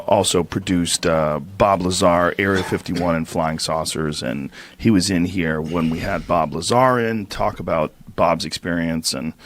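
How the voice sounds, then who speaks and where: A man hosting a podcast interview, relaxed and asking short, direct questions. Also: low voice. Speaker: podcast host. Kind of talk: casual interview. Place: podcast studio.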